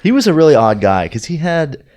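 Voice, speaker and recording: A man's voice: a little high, sing-song, a little fast, darkish tone. A man, a weightlifting coach, guesting on a podcast, telling stories in a dry, sarcastic way. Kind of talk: casual podcast chat.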